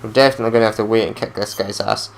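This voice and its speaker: A man's voice: fairly low pitch, fairly even intonation, racing, gravelly, a little hiss or hum. A man giving casual let's play commentary as he plays, chatting to himself and grumbling when things go wrong. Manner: chatty, talks to himself while playing, frustrated outbursts.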